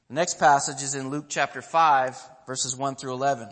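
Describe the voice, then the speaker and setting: A man preaching a sermon, telling a story with lively acted-out quotes and questions to his listeners. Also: mid-range voice, normal speed, hardly any pauses. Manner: animated storytelling, acting out quotes, asking the audience questions. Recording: long hall reverb.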